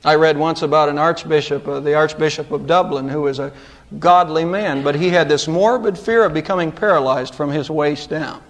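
A middle-aged male pastor delivering a sermon, with dramatic rises and drops in pitch. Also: moderate pace.

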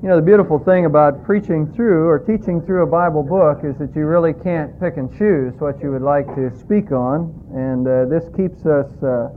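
A male pastor delivers a folksy sermon, pausing often with fillers between thoughts. His voice sits high for a man and comes through thin and phone-like, with a faint low rumble underneath. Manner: folksy, hesitant with frequent fillers.

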